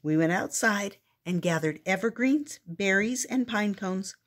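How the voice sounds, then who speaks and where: An older woman reading a picture book aloud, with expressive storybook narration. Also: medium pitch, measured pace.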